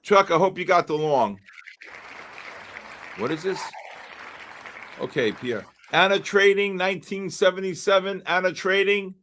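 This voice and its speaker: A man's voice: sits high, a little slow, long pauses, a bit bright, a faint crowd, a little hiss or hum. A man hosting a live trading stream, calling out viewer names one by one like an auctioneer. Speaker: livestream host.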